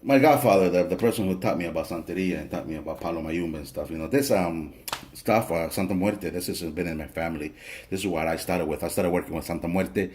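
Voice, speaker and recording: A man's voice: sits low, fast talker, darkish tone. A man teaching a spiritual ritual in a casual, joking, chatty way, swearing now and then. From family from El Salvador. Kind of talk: casual spoken tutorial.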